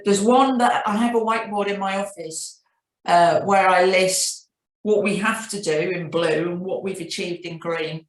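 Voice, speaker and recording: A middle-aged woman with a Northern English accent recalls her career in a reflective, storytelling way, often restarting her sentences. Her voice sits at a moderate pitch, and the room around her is noticeably echoey. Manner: reflective, anecdotal, frequent restarts. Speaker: CEO guest. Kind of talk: business interview.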